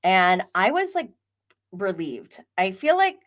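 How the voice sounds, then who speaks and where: Chatty woman hosting a livestream recap. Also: slow pace. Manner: chatty and animated, laughs often, swings in pitch and loudness. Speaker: host.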